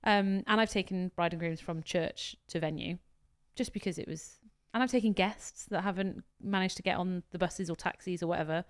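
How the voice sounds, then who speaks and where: A woman co-hosting a podcast in a casual chat, blunt and animated, telling stories full of quoted dialogue. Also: on the low side, moderate pace, few pauses. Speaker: podcast co-host.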